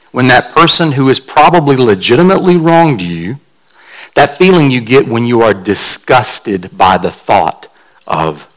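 A man's voice: medium pitch, a bit bright, rough recording. A man pastor delivering a sermon in a conversational, storytelling way, carefully explaining word meanings like a teacher.

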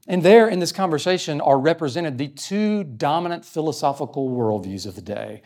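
A man's voice: fairly high pitch, darkish tone. A man preaching a sermon, earnestly explaining a scripture passage and reading verses aloud. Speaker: pastor. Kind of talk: sermon teaching.

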